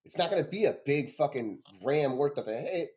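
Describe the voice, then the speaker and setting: A man's voice: on the high side, expressive, brisk, a crowd in the background. A man on a group call, telling a story in a heated, swearing way. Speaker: call guest. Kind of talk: casual stoner chat.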